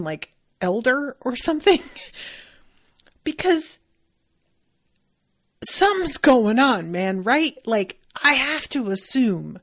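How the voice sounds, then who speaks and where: A woman's voice: on the high side, fairly bright tone. A woman hosting a book podcast, recapping chapters in a chatty, casual way, swearing freely and reading passages aloud. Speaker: podcast host.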